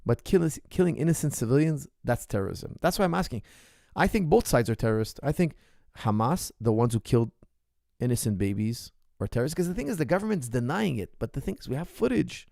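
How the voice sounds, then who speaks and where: A man's voice: medium pitch, animated, brisk, gravelly, no room sound, clean studio sound. Emphatic man in an impassioned monologue. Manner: emphatic, repetitive, rising to forceful outbursts. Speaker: martial arts coach hosting a Q&A.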